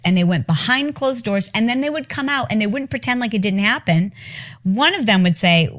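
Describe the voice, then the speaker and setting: A woman hosting a podcast, telling stories and giving advice in a chatty, animated way with lots of filler words. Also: medium pitch. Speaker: podcast host. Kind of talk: casual storytelling monologue.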